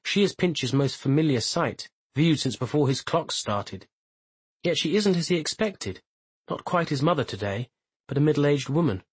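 A man reading a literary novel aloud as its narrator, measured and even. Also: fairly high pitch, slightly rough, no echo, low-quality recording. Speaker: audiobook narrator. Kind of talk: scripted narration.

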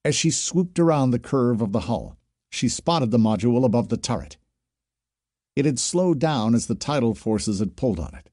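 A man narrating a science fiction audiobook with a measured, even reading. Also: medium pitch, no room sound, studio quality.

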